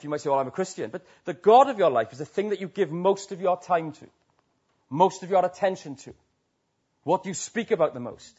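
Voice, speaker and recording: A man's voice: high-pitched, expressive, brisk, dark tone, slightly rough, highs cut off. A man from Wales with a Welsh accent preaching a sermon to a church, talking conversationally with many tag questions.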